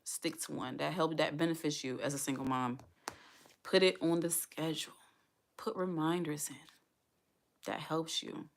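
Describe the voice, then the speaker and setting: Low-voiced earnest woman vlogger. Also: moderate pace, vocal fry, pauses often. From United States. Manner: earnest, heartfelt, repeats herself for emphasis. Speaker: single mom vlogger. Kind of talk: casual livestream talk to viewers.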